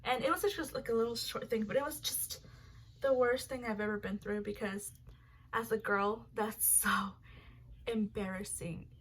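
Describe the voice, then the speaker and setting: A woman's voice: on the high side, fairly even intonation, moderate pace, breathy edge. A young woman telling a rambling, embarrassing story to her viewers, full of filler words and swearing. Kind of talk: casual storytime monologue.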